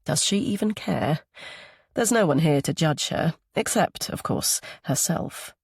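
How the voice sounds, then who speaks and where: A man narrating an audiobook thriller in a steady, even storytelling voice. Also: a little high, unhurried, gravelly, husky, no room sound, clean studio sound. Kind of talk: scripted narration.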